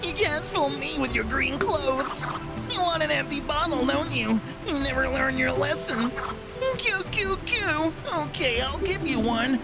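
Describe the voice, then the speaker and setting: A man's voice: very high voice, unhurried, creaky, voice pushed up, heavily acted. A man voicing a cocky, teasing young male beaver from a video game. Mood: taunting. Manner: brash, taunting game-text reading. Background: game music.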